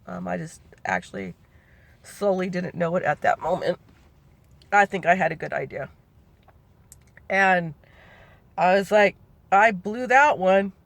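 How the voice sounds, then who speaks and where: A woman's voice: on the low side, lively intonation, a little slow, vocal fry, long pauses, no room sound. A middle-aged woman telling a personal family memory in a rambling, conversational way that keeps correcting itself. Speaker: family storyteller. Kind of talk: personal oral-history recollection.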